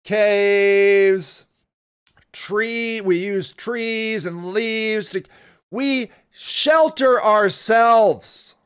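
A woman hosting a solo podcast, ranting angrily and full of profanity, with bursts of shouting. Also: medium pitch, drawn-out words, clean tone. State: angry. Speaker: podcast host.

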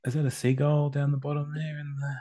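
A man's voice: a little high, little pitch movement, quick pace, warm tone. Easygoing male co-judge describing photos. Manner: easygoing, descriptive, hesitant with fillers. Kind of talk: casual chat.

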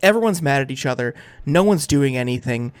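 A man's voice: mid-range voice, expressive, brisk, clean tone, dry recording. A man co-hosting a podcast in casual talk, heated and swearing, with many filler words. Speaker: podcast co-host.

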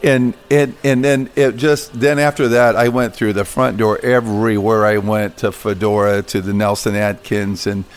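A man's voice: on the low side, little pitch movement, moderate pace, hardly any pauses, smooth. A middle-aged man, guest in an interview, telling rambling anecdotes full of fillers and restarts. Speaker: interview guest, coffee business founder. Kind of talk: casual interview storytelling.

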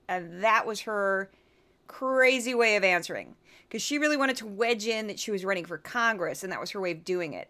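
A woman from the Midwest with a Missouri accent, hosting a podcast in chatty, animated commentary. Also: medium pitch. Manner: chatty, animated, often laughing. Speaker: podcast host. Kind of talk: casual commentary.

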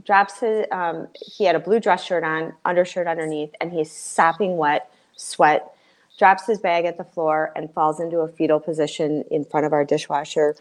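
Earnest middle-aged woman, lower voice. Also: fairly even intonation. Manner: earnest, halting, many fillers and restarts. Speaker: guest. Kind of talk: personal storytelling in an interview.

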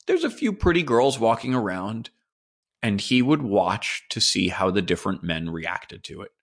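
A man's voice: medium pitch, a bit bright. A man hosting his own podcast in a mid-range voice. He talks things through in a loose, conversational way and speculates as he goes. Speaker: podcast host. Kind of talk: casual monologue commentary.

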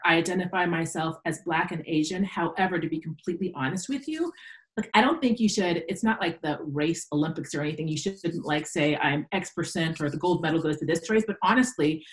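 A woman in her forties speaks as a guest on an interview show. She tells her stories in a relaxed, conversational way. When she quotes other people, she acts them out in a higher voice. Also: brisk, rough recording. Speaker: podcast guest, educator. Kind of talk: casual storytelling interview.

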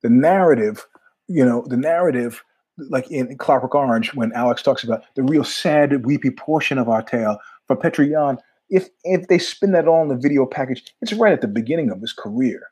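A middle-aged male host with a husky, slightly breathy voice. He talks in a loose, rambling way, jumping from tangent to tangent. His pitch sits in an ordinary middle range. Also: moderate pace. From New York. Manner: rambling, animated, jumps between tangents with asides. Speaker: podcast host. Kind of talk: casual monologue storytelling.

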